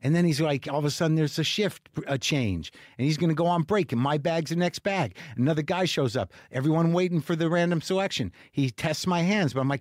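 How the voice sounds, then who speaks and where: A man's voice: a little high, fairly quick, no echo, studio quality. A middle-aged man hosting a podcast, telling a rambling, self-mocking comic story in a monologue. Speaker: podcast host. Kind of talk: comedic monologue.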